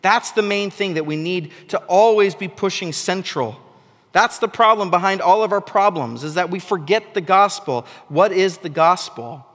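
A man preaching with a fairly high voice that climbs into emphatic, animated bursts. His sermon rings out with a long reverb trailing behind every phrase, as in a large hall. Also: moderate pace. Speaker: pastor.

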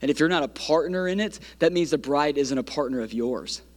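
A man's voice: fairly high pitch, lively intonation, a little fast. Fiery man preaching with rising cadence. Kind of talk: sermon.

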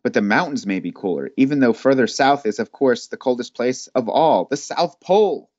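A man's voice: medium pitch, animated, normal speed, darkish tone, no room sound. A man casually narrating a choose-your-own-adventure book as host, laid-back and saying "dude" a lot. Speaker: host reading a gamebook. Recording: dull lo-fi dry sound.

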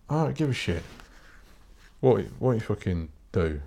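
A man's voice: lowish voice, very animated, measured pace, warm tone. A British man hosting a solo podcast, ranting in a blunt, sweary, rambling way with frequent restarts. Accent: British English. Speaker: podcast host. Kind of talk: casual solo podcast rant.

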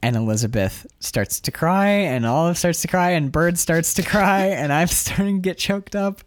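A man's voice: fairly high pitch, normal speed, no room sound, clean studio sound. A man co-hosting a podcast, talking casually and emotionally with frequent swearing and restarts. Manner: animated, emotional, swears freely, many restarts. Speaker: podcast co-host reviewing a film. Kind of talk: casual chat.

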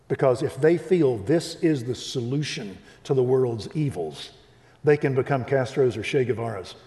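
Older man, evangelical speaker, animated storyteller, mid-pitched voice, long hall reverb. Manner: animated storyteller, acts out dialogue. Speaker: Christian speaker. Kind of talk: preaching testimony.

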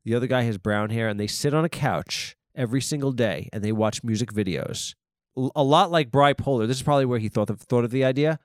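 On his comedy podcast, a man rambles through an improvised monologue that's halting and profane, packed with fillers and restarts. His voice is mid-range, and the studio-quality recording has no echo.

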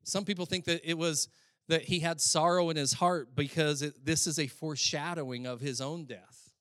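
Conversational preacher. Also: male voice, on the high side, fairly even intonation, moderate pace, no room sound, studio quality. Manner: conversational, swings from loud emphatic to quiet reflective; frequent filler "like". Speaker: pastor. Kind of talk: sermon.

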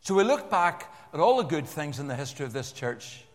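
Older male pastor, slightly high voice, lively sermon delivery with restarts and asides, long church reverb. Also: a little fast. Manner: animated, repeats words, jokes with the congregation.

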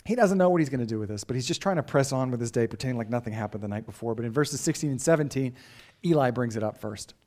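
A man's voice: mid-range voice, lively intonation, fast, darkish tone. A pastor delivering a sermon in an earnest, emphatic way, often asking his listeners rhetorical questions.

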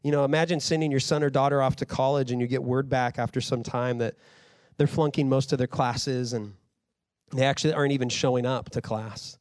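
A man's voice: mid-range voice, fairly even intonation, brisk, darkish tone, no echo. Conversational preaching man, dry sound. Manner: conversational preaching, rising to fired-up emphasis. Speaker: pastor. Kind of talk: sermon.

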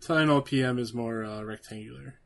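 A man's voice: medium pitch, a little fast, gravelly, fairly bright tone. A man chatting casually while watching a horror film, teasing and laughing often.

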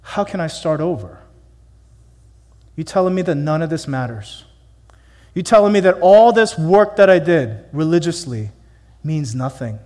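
A man's voice: fairly high pitch, lively intonation, unhurried, pauses often, a little mellow, big-room sound. A man voicing a learned, middle-aged religious teacher who asks incredulous, sarcastic questions.

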